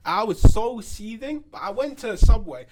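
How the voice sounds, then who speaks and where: A man in his early twenties co-hosts a relaxed podcast conversation, his voice sitting high. He tells animated stories and slips into the voices of the people he quotes. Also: normal speed, noisy background. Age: 20s. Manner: animated storyteller who acts out quoted voices. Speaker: podcast co-host. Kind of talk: casual podcast chat.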